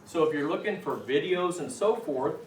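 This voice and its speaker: A man's voice: on the high side, expressive, moderate pace, slight background noise. A man giving a chatty, emphatic talk as teacher of a language class to a room of students. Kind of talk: casual classroom lecture. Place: classroom with an audience. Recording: echoey room, distant mic.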